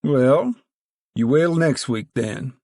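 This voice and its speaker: A man reading aloud and voicing a big, powerful woman who chairs a camp committee, booming, formal and proud. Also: expressive, slow, darkish tone, no room sound, studio quality.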